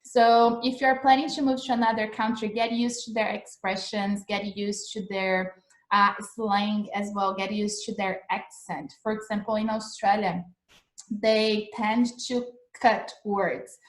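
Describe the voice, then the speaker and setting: A woman's voice: mid-range voice, steady tone, unhurried. Chatty woman teaching in an echoey room. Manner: chatty, repeats phrases, frequent "like" and "right?". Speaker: English teacher. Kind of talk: casual live-streamed lesson. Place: home in Australia.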